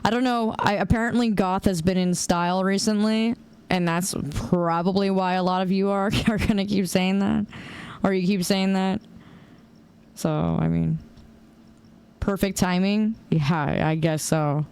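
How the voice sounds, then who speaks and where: A woman's voice: medium pitch, steady tone, measured pace, vocal fry, a little mellow, clear, resonant tone. A young woman streaming a shooter game, chatting casually with her chat and laughing often. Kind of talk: casual chat while gaming.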